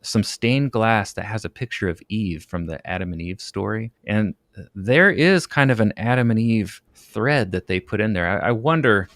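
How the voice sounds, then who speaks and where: Halting, low-voiced male podcast host. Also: animated, a bit bright, no room sound, studio quality. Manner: halting, hesitant, questioning. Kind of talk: casual podcast discussion.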